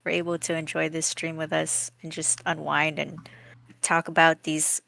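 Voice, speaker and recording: A woman's voice: deep voice, flat delivery, normal speed, vocal fry, dry recording. A woman co-hosting a live drawing stream, chatting and giggling casually. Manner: chatty, giggly, warm sign-off. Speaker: co-host of an art stream. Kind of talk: casual chat while drawing.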